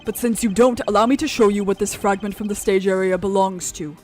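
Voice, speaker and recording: A woman reading the lines of a composed, formal male prosecutor in a video game, in a measured, confident way. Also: mid-range voice, fairly even intonation, darkish tone, faint music behind, close to an everyday voice.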